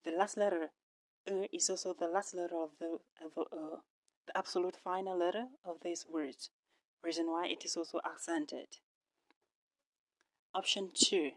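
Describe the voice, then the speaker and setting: A woman's voice: lowish voice, no echo. A woman teaching a French lesson online. She speaks with a French accent and explains each rule step by step, often checking in with "right?".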